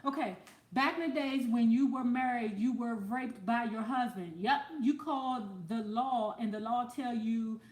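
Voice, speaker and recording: Female host, high voice, salty and animated storyteller, echoey room sound. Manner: animated, profane, storytelling, quick to laugh. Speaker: show host reading viewer comments. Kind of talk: casual talk show monologue.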